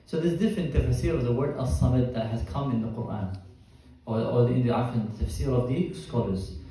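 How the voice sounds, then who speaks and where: A man's voice: medium pitch, fairly quick, dark tone, recorded from a distance, a little hiss or hum. A male Islamic teacher giving a Quran tafsir class, explaining terms step by step and putting questions to his students. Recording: echoey room, voice from afar.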